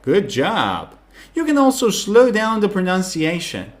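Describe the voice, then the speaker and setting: A man teaching English pronunciation in an online lesson, explaining clearly and sounding out words slowly to demonstrate. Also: high-pitched, huge pitch swings.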